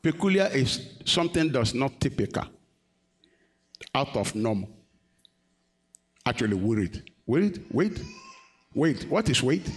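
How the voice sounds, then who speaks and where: A man preaching a sermon, questioning the congregation and rising to emphatic peaks. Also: on the high side. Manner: call-and-response, questioning the congregation.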